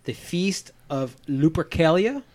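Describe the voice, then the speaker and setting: A man's voice: fairly high pitch, animated, slow. Teasing talk show host, man. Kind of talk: casual talk show banter.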